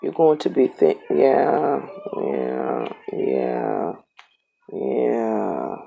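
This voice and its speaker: Very gravelly, husky tarot reader. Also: mid-range voice, big pitch swings, very slow, mellow. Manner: emphatic and repetitive, talks straight to the viewer. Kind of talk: casual tarot reading to camera.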